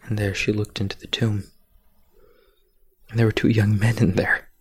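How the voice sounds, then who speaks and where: A male preacher retelling a scripture story in a sermon, hushed and often dropping to a whisper for drama. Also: fairly low pitch, little pitch movement, moderate pace, breathy edge, no room sound.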